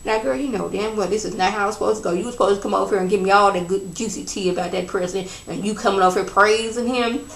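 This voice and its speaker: A woman's voice: mid-range voice, fairly even intonation, fast, vocal fry, few pauses, lightly acted. A woman putting on a sassy female talk-show host who wants juicy gossip. She is brassy and indignant and rattles her words off, with a mid-range voice that echoes in the room. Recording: roomy echo.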